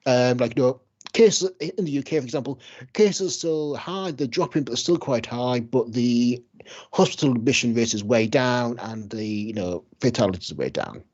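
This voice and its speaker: A man from the United Kingdom hosting a podcast, chatting casually and asking lively questions. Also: medium pitch, normal speed, highs cut off. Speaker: podcast host.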